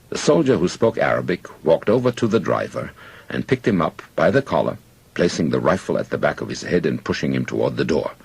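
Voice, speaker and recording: A man narrating an audiobook in first person with measured storytelling. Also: a bass voice, gravelly, breathy edge.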